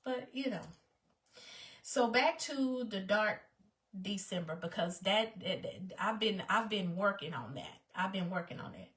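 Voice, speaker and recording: A woman's voice: mid-range voice, lively intonation, measured pace, fairly bright tone. A woman vlogger talking personally to her viewers in an emphatic way, often repeating her phrases. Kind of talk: personal talk to camera.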